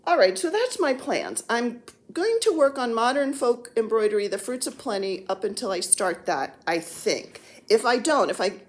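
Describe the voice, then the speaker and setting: A woman's voice: on the high side, big pitch swings, normal speed, few pauses. A woman in her sixties chatting casually as a cross-stitch vlogger, rambling and joking while seated on the floor at home. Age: 60s. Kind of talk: casual chat.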